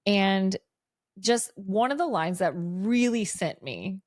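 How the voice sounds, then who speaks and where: A woman's voice: mid-range voice, slow pace, no echo, clean studio sound. A woman co-hosting a podcast, eagerly recapping a film in an unscripted review chat. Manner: gushing, animated recapping of plot. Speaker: podcast co-host.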